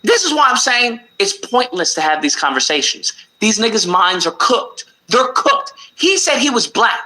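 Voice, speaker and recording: A man's voice: high-pitched, very animated, moderate pace, pushed and bright, low-quality recording. A man hosting a call-in livestream, ranting furiously and swearing at callers. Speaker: call-in show host. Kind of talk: heated call-in livestream argument.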